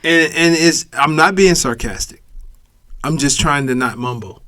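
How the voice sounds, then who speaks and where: Joking podcast co-host, man with an Erie accent, a touch high-pitched, dry close sound. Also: a little slow, dry recording. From Erie, Pennsylvania. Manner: joking, animated, says he mumbles. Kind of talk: casual chat.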